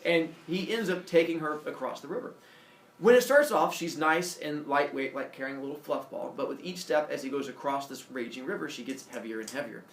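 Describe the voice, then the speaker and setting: A man's voice: a little high, a little fast. A male teacher retelling a myth to his class in a playful, jokey way, acting out the characters. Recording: echoey classroom from far off.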